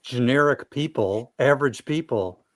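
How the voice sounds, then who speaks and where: A man's voice: mid-range voice, normal speed, fairly bright tone, dry recording, clean studio sound. A man co-hosting a casual commentary, reading court documents aloud with wry interjections. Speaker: co-host.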